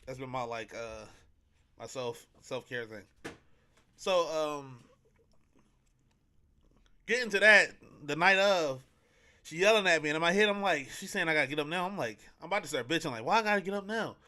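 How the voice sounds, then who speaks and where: A man's voice: fairly high pitch, normal speed, long pauses, bright, forceful tone. A young man hosting a podcast, telling a personal story in casual, slangy, rambling talk full of fillers. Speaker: podcast host.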